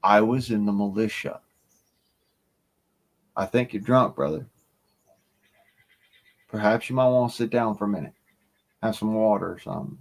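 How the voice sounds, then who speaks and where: A man telling a profane, animated bar story on his stream. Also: fairly low pitch, normal speed, vocal fry, pauses often. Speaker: stream host. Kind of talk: casual storytelling.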